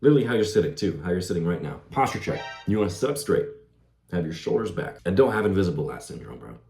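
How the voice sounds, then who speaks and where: A man's voice: low-pitched, very animated, fast, gravelly, darkish tone, soft background music. A young man giving casual self-improvement advice in a laid-back way, dropping "bro" and "like" as he talks. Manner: laid-back, says "bro" and "like", laughs easily. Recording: roomy echo.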